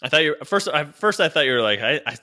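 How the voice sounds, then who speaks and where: A man's voice: on the high side, animated, fast, sharp tone. A man from Virginia telling a story in casual chat, laughing often and swearing freely. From Virginia, USA.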